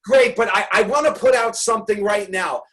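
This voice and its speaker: An older man, a balloon artist chatting as a guest in a jokey, exuberant way with loud bursts over a video call. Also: high voice, moderate pace, recorded from a distance, rough recording. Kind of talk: comic casual chat.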